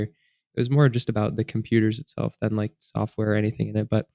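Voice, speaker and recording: Low gravelly laid-back young man. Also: level tone, dark tone, dry recording, studio quality. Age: 20s. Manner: laid-back, halting with fillers. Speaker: podcast guest, college student. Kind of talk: casual chat. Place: college town studio room.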